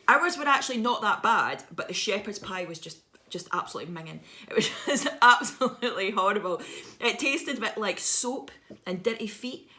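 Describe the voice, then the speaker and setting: A woman's voice: fairly low pitch, sharp tone. A woman in her thirties, a visiting children's author, telling a playful, dramatic story to schoolchildren over a video message.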